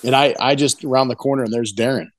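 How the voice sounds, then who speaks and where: A middle-aged man, a competition barbecue pitmaster, telling a rambling, excited story in a casual interview, often saying "you know what I mean". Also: medium pitch, fast, dry recording.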